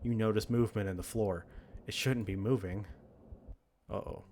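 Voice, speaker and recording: Low-voiced man narrating a horror game. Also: fairly even intonation, normal speed, a little mellow, a little hiss or hum. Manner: dramatic narration broken by laughs and reactions. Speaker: game streamer. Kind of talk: reading a text horror game aloud with commentary.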